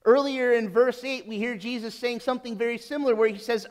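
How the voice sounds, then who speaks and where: A man preaching a sermon as pastor, emphatic and deliberate, building on repeated phrases. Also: extremely high pitch, fairly even intonation.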